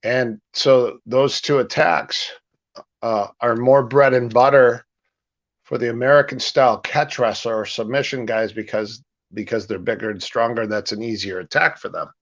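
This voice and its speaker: A middle-aged man, a grappling coach, telling stories in a casual interview over a video call, animated and repeating phrases as he acts out quoted exchanges. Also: mid-range voice, normal speed. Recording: dull lo-fi livestream audio.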